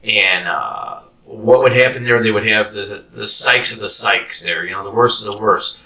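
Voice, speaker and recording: A man hosting an interview and telling his own story in an animated, casual way. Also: fairly low pitch, normal speed, distant mic, rough recording. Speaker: host and former corrections officer.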